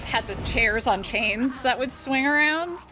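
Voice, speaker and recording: A woman hosting a casual reaction video, gushing excitedly and swearing freely. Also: high-pitched, a little slow.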